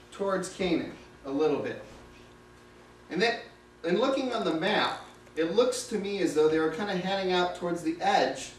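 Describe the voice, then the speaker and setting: Male lay preacher, high voice, casual dramatic storytelling, roomy recording from a distance. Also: a bit bright. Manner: conversational, vivid retelling.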